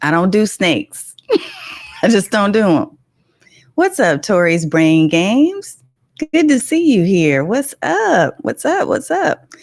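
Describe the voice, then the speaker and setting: A middle-aged woman, hosting a casual livestream and telling animated stories while greeting viewers. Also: medium pitch, slow pace, dry recording, studio quality. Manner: animated storytelling, greets chat viewers, laughs often. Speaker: livestream host.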